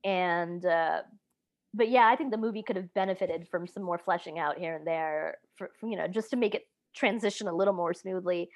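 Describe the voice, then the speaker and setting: A woman's voice: lowish voice, a little fast. A woman, a writer, chatting casually about films, talking in restarts and trailing asides with frequent laughs. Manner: chatty, animated, laughs often, trails off mid-sentence. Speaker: podcast guest, writer.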